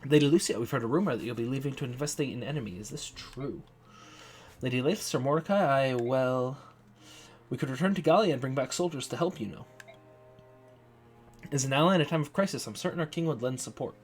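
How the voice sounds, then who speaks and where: A man's voice: medium pitch, fast talker, pauses often, soft background music, natural voice. Man doing a blunt wolf warrior. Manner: blunt, impatient.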